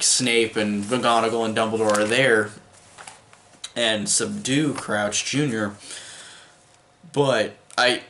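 A man's voice: mid-range voice, pushed and bright. A man giving a casual, enthusiastic movie review, rambling with many fillers and restarts as he retells scenes.

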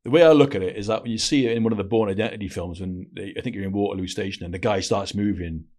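On a casual podcast interview, a former intelligence operative from Wales rattles off blunt, slangy anecdotes with lots of restarts. His voice is on the low side, a little mellow, and rapid-fire.

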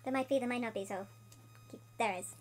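A woman co-hosting a video game let's play, giggling and cheering her partner on, her voice sped up into a chipmunk pitch. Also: brisk, darkish tone, a little hiss or hum. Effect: sped-up chipmunk pitch shift. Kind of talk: casual gaming commentary.

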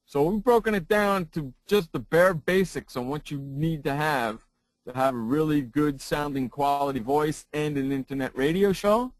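Man, sports talk radio host, seminar talk, slightly high voice, emphatic, repeats himself, dry sound. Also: normal speed, no room sound, poor audio. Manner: emphatic, repeats points for stress. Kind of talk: seminar presentation. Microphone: own broadcast microphone.

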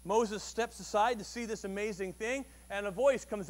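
A man with a rather high voice delivers a Sunday sermon at a church service. He talks conversationally, tosses questions out to the congregation and jumps into loud, vivid renditions of the people in his stories. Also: moderate pace. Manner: conversational, asks the audience questions; acts out quoted voices with sudden loud bursts. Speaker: pastor.

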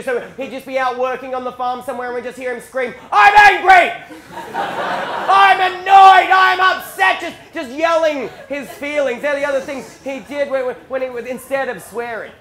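A man with an Australian accent, a stand-up comedian telling animated stories about his upbringing with shouted bursts. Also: extremely high pitch, background noise. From rural South Australia. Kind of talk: stand-up storytelling. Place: theatre stage before a live audience. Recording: roomy stage sound with faint ambience.

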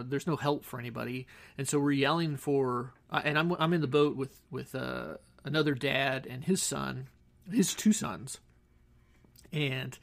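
Gravelly-voiced man telling rambling stories. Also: mid-range voice, fairly bright tone. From Southern California. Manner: rambling, self-interrupting, wry asides. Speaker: podcast host. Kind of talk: casual storytelling monologue. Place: home studio. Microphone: studio microphone.

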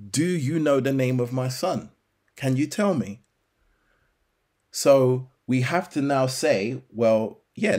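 A man teaching scripture in a slow, deliberate way, putting rhetorical questions to the listener. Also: medium pitch, darkish tone. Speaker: bible teacher.

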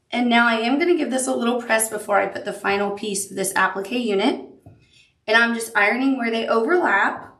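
A woman's voice: a little high, a bit bright, roomy sound. A woman giving a chatty, upbeat sewing tutorial, cooing over cute little details as she works. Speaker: quilting instructor.

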